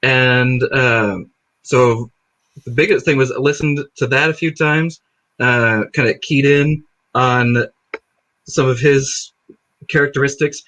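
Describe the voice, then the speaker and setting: A man's voice: mid-range voice, steady tone, takes it slowly, a bit bright. A man who acts in a stage play, chatting casually in an interview with many fillers and restarts.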